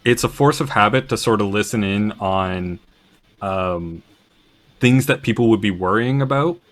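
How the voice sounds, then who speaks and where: A man's voice: lowish voice, unhurried, fairly bright tone. A man playing a tabletop game in a laid-back, chuckling way. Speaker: player. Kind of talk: casual tabletop play.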